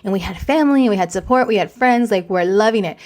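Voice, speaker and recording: A woman's voice: medium pitch, fast. A woman in her forties co-hosting a podcast, telling a story in casual chat and dropping in Spanish words. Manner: animated, mixes in Spanish words. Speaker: podcast co-host.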